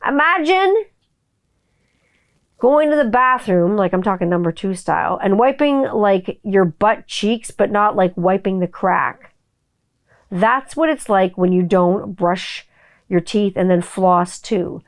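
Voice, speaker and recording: A middle-aged woman hosting a casual solo podcast, chatty and profane, often breaking into high kid voices for quotes. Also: expressive, slow pace. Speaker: podcast host.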